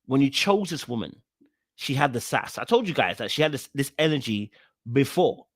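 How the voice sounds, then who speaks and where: A man giving casual commentary on a reality show, animated and full of fillers and restarts as he repeats his points. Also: medium pitch, normal speed, breathy edge, no echo, clean studio sound. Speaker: reaction video host.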